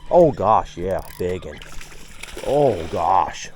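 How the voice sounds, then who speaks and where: A man hosting a fishing vlog from his boat, talking excitedly and casually in slang about the fish he catches. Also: deep voice, drawn-out words, a little hiss or hum. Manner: excited, slangy, calls people dude and bro. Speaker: fishing vlog host, pro angler. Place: outdoors on a boat on a lake.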